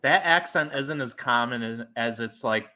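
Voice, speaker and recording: A man's voice: medium pitch, normal speed, pushed and bright. A man joining a casual livestream with dry, matter-of-fact remarks.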